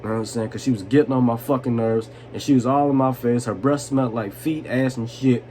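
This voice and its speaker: A man's voice: medium pitch, fairly even intonation, fast, a little mellow, slight background noise. A young man telling a drunk storytime, loose and profane, laughing and often asking "you know what I'm saying". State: tipsy from vodka.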